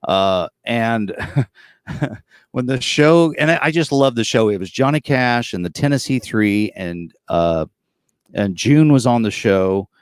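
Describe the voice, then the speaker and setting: A California tribute performer of about forty tells stories as an interview guest over a video call from the front of his tour bus. His mid-range voice is expressive, slow, and smooth, and he rambles easily with plenty of fillers. The recording is dry, with clean studio sound.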